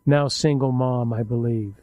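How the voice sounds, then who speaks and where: An older man hosting a radio talk show, speaking in a halting, reflective way and often correcting himself mid-sentence. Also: mid-range voice, steady tone, warm tone, no echo. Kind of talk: casual interview chat.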